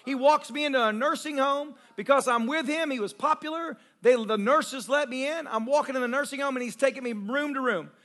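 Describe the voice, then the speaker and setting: A male pastor telling testimony stories in a sermon, excitable and animated, tumbling over his own words as he goes. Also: extremely high pitch. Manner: excitable, animated storyteller with fast restarts. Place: church service.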